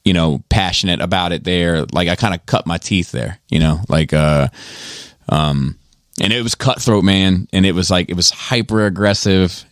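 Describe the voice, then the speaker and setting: Low-voiced man telling rambling stories. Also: moderate pace, no room sound, clean studio sound. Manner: rambling, profane, many fillers. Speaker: podcast host. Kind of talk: casual storytelling.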